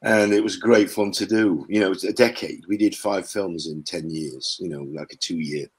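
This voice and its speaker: An older man, a guest actor, telling rambling anecdotes in an interview and clearing his throat now and then. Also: deep voice, fairly even intonation, normal speed. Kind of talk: interview chat, storytelling.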